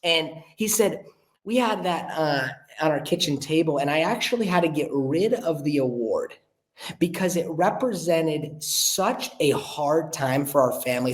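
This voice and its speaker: A young man, a podcast guest, telling a story in an earnest, animated way and acting out the voices of the people he quotes. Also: on the high side. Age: young adult. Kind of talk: casual storytelling chat. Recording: roomy echo.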